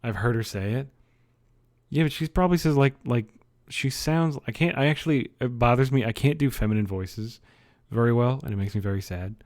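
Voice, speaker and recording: A man's voice: mid-range voice, fairly quick, darkish tone. A young man streamer in casual livestream chat, joking and laughing often.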